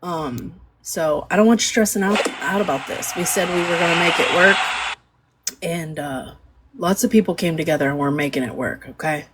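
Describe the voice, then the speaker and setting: A woman hosting a casual livestream, talking softly and hesitantly with many fillers. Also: on the low side, normal speed, a little hiss or hum. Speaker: livestream host.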